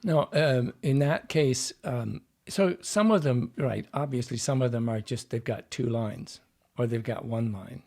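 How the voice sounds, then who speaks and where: A man in a podcast interview, laying out how he coaches actors. He talks in an explanatory, teaching way, at an ordinary pitch for a man. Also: a little slow, gravelly, a little mellow. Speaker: dialect coach guest.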